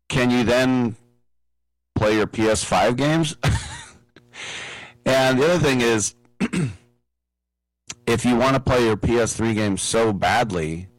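Deep-voiced man hosting a radio show. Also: no echo, low-quality recording. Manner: rambling, jokey, with many fillers. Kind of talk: casual radio talk show.

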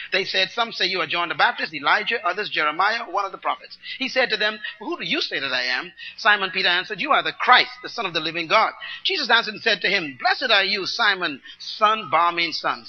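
A man preaching a teaching sermon, explaining scripture word by word and calling on the congregation to repeat after him. He swings between loud, emphatic bursts and soft asides. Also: sits high, dull audio. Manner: teaching, asks the congregation to repeat and write words down.

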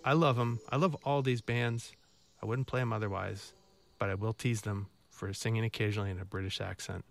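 A man's voice: fairly low pitch, fairly even intonation, a little fast, gravelly. Wry male radio DJ over faint music. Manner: wry, self-mocking, chatty. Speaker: radio DJ host. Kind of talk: casual radio back-announcing. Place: radio studio.

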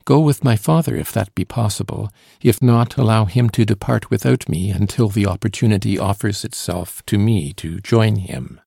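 A man's voice: fairly low pitch, normal speed, gravelly, hardly any pauses, dark tone, slightly rough, dry recording, clean studio sound. A man voicing an earnest young woman who protects her father, reading with a pleading, slightly raised tone in an audiobook.

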